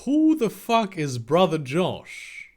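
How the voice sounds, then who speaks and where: A man's voice: sits high, wildly swooping pitch, slow, a little mellow. A man reading a story aloud for comedy, breaking off for sarcastic, incredulous asides. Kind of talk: comedic dramatic reading with commentary.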